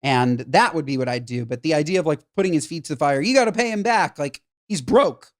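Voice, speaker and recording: A woman's voice: low voice, brisk. A woman co-hosting a podcast, giving blunt, emphatic advice with rhetorical questions in casual chat. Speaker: podcast co-host.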